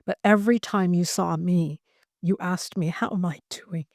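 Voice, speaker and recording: A woman hosting an interview and speaking as a family caregiver, emotional and halting with many restarts. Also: on the low side, a little mellow, no room sound, studio quality. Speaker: podcast host and family caregiver. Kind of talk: heartfelt conversational interview.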